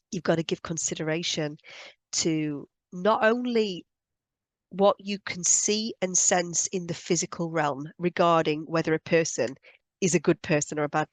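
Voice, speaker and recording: A spiritual healer teaching on energy lays out her views in an earnest, emphatic monologue, repeating points for stress. Her voice is on the low side, recorded with no room sound.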